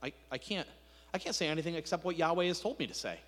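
A preacher voicing a solemn, stubborn prophet. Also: male voice, a little high, quick pace, lightly acted. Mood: earnest. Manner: solemn, earnest. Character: stubborn honest male prophet, grave. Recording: echoey hall reverb.

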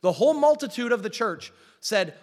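A man preaching from the pulpit, his high voice swooping up and down through wide, lively swings of pitch. He keeps pressing the congregation with rhetorical questions and tosses in wry, self-deprecating asides. The sound rings with the long reverb of a large hall. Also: normal speed. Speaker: pastor. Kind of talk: sermon.

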